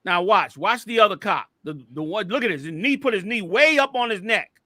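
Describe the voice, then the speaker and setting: A man's voice: high-pitched, expressive, a little fast, sharp tone, dry recording. A man hosting an online show, giving heated, emphatic commentary over video clips and repeating his points like a preacher. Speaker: host.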